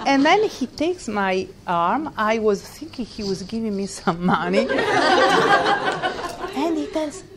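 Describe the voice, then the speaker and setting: A woman's voice: on the high side, big pitch swings, a loud crowd, heavy background noise. A middle-aged woman from Italy with an Italian accent, giving a university lecture in English and often stopping to search for words. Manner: halting, searching for words, laughs while telling a story. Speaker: guest lecturer.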